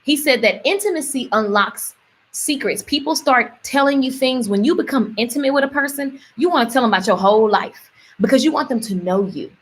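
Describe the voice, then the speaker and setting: A woman's voice: high-pitched, expressive, brisk, breathy edge. A young woman, coaching her audience in a casual motivational livestream, chatty and preachy and repeating words for emphasis.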